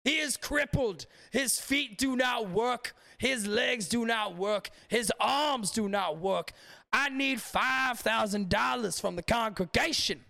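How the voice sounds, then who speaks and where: A man voicing a greedy, over-the-top male megachurch preacher who shouts and pleads in a sermon cadence. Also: extremely high pitch, slow pace, gravelly, no echo, pitched above the performer's own voice, heavily acted. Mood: pleading, grandiose.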